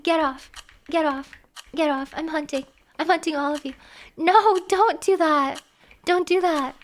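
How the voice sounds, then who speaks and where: A woman with a very high voice talks to her viewers during a live game stream. She takes her time with her words and keeps up a playful, teasing banter with the chat as she plays. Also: a little slow.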